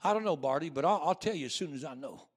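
A man's voice: on the high side, animated, fast talker, slightly rough, voice pushed down. A man voicing a lame old beggar, a slangy, chatty friend who gossips and fusses. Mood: excited.

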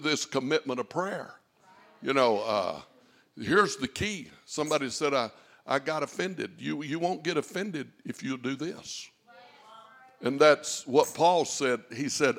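Fervent preacher man, bright voice. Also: a little high, lively intonation, measured pace, creaky. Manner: fervent, swells to shouts and drops to a hush. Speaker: pastor. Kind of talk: sermon.

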